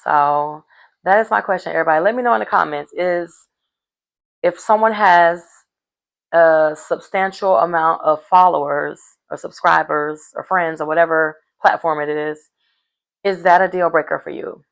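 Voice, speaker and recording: A woman's voice: sits low, fairly even intonation, moderate pace, creaky. A woman recapping a reality show in a rambling, chatty way, full of fillers. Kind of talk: casual recap chat.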